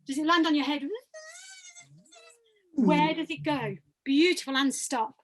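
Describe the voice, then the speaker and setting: A woman with a high, bright-sitting voice leads vocal warm-ups over a video call. She encourages her students and demonstrates each sound herself. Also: measured pace, slight background noise. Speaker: voice workshop leader. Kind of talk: leading vocal exercises.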